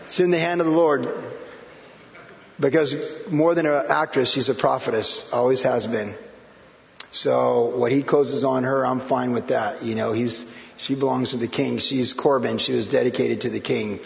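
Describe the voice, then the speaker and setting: A man's voice: medium pitch, normal speed, creaky, a little hiss or hum. A middle-aged man preaching a sermon as pastor, in a loose conversational way with many fillers and repeated phrases. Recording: roomy hall echo, dull sound.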